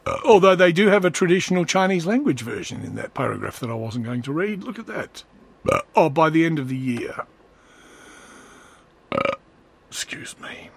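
A man's voice: fairly high pitch, gravelly, a bit bright, breathy edge. A man talking in a rambling, sarcastic comedic monologue as a vlogger. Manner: rambling, sarcastic, slips into voices.

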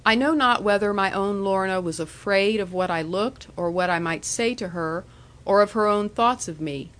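A woman reading a classic novel aloud in the first person, in a measured, earnest way. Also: mid-range voice, a bit bright. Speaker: audiobook reader.

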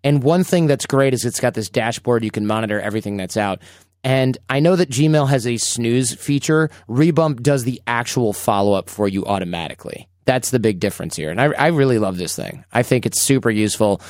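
A man's voice: mid-range voice, expressive, brisk, darkish tone, no echo, clean studio sound. A man hosting a podcast, chatting casually and telling stories animatedly. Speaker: podcast host.

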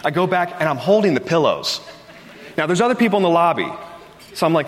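A man's voice: a little high, big pitch swings, quick pace, fairly bright tone, a little hiss or hum. A man, a pastor, preaching a sermon and opening with a chatty personal story in which he acts out the voices he quotes. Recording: long hall reverb.

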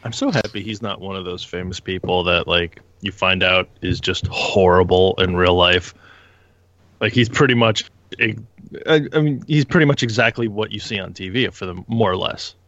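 Male co-host, low voice, relaxed casual chat, dry, dull sound. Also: moderate pace, no echo.

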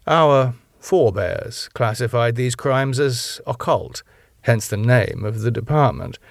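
A man's voice: medium pitch, vocal fry, dry recording, studio quality. A man voicing a senior male police chief who speaks formally and probes with careful questions.

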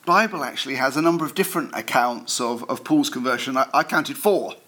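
A man's voice: mid-range voice, a little fast, sharp tone. A man giving a sermon at a church service in a conversational way, with self-deprecating asides and frequent fillers and restarts. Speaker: preacher.

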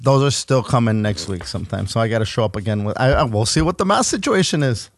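A man's voice: mid-range voice, quick pace, dry recording. Profane storytelling man, dry close sound. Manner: profane, animated storytelling with acted-out dialogue. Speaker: podcast co-host. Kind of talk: casual storytelling chat.

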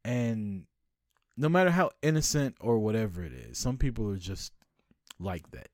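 A man's voice: on the low side, moderate pace, no room sound, studio quality. A middle-aged man co-hosting a casual podcast, talking bluntly and swearing freely. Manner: blunt, profane and animated. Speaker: podcast co-host. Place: home podcast studio.

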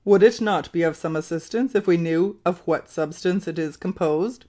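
A reader voicing a polite male naval lieutenant in an audiobook, speaking in a calm, matter-of-fact way. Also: mid-range voice, normal speed, natural voice. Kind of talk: audiobook character reading.

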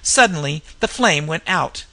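A reader narrating a Victorian mystery story aloud in a measured, storytelling manner. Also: medium pitch, expressive, pushed and bright. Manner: measured storytelling with character voices. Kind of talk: audiobook narration.

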